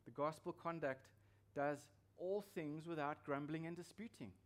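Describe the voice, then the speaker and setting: A man's voice: a little high, normal speed. A man preaching a sermon as pastor, emphatic and repeating his key phrases for weight.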